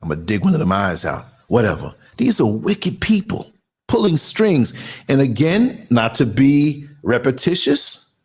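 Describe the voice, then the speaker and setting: A man's voice: mid-range voice, very animated, a little slow, a little mellow, slightly rough. A man in his sixties hosting his own podcast, giving a fiery, indignant monologue with strong emphasis. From United States. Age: 60s. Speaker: podcast host and culture critic. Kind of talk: ranting monologue.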